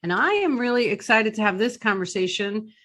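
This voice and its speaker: A woman's voice: medium pitch, animated, fairly quick, a bit bright. A woman from Long Island with a Long Island accent, hosting an interview in a chatty, playful way that laughs easily. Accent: Long Island New York. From Long Island, New York. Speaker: podcast host. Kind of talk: casual interview chat.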